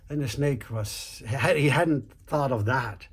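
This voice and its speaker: A man telling a folk tale aloud, relaxed, with fillers and restarts, acting out the quotes. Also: mid-range voice, a little slow, husky. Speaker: storyteller.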